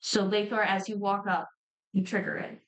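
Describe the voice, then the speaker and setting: A woman narrating a tabletop role-playing game as game master, measured and descriptive. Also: mid-range voice, little pitch movement, poor audio.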